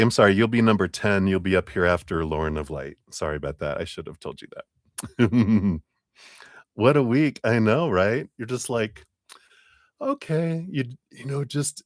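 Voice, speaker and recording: Giggly low-voiced man reading tarot. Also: no room sound, studio quality. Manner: bubbly, giggly, sing-song vocal sounds. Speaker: tarot reader. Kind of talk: live-stream reading.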